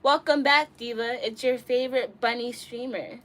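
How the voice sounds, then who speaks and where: A woman's voice: normal speed, a little hiss or hum. Giggly young woman live-streaming from her bedroom. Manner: bubbly, giggly, swings between loud outbursts and low mumbles. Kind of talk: casual live-stream chat reading viewer comments.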